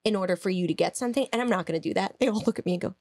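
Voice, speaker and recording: A woman co-hosting a podcast, telling a story in a casual, animated way, laughing, swearing and acting out quotes. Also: medium pitch, very fast, dry recording, studio quality. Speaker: podcast co-host.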